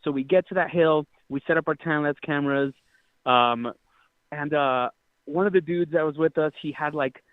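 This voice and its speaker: A man's voice: fairly high pitch, moderate pace, dry recording. Young man telling a tale over a tinny phone line. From Utah, United States. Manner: rambling, swears freely, many fillers. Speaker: caller. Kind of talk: casual storytelling.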